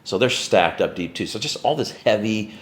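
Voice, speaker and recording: Deep-voiced man telling a story. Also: animated, normal speed. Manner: casual, peppered with "like" and "right?", swears freely. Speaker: warehouse business owner. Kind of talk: casual storytelling to camera.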